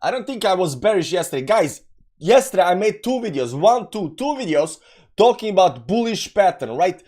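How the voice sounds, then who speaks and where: Brief: higher-pitched male live-stream host, loose and repetitive, chuckling between remarks. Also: sing-song, normal speed, a little mellow. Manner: rambling, repeats himself, laughs at his own jokes. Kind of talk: casual live-stream chat.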